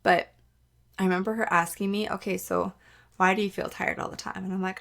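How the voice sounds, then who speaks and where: A woman's voice: mid-range voice, flat delivery, a little fast, gravelly, a bit bright. A woman hosting her own podcast, talking candidly in a casual, conversational way, full of "like" and acting out the things she once said. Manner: candid, conversational, many "like" fillers, acts out her own past remarks. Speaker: podcast host. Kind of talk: casual solo podcast monologue.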